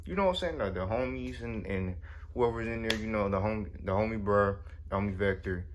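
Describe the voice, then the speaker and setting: A man's voice: fairly low pitch, fairly quick, a little hiss or hum. A young man casually telling a story in slangy speech, often saying "you know what I'm saying". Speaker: storyteller vlogger.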